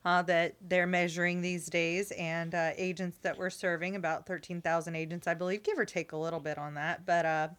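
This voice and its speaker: A woman's voice: on the low side, level tone, fairly quick, hardly any pauses, a bit bright. A woman co-hosting a podcast in casual banter, laughing often. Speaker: podcast co-host.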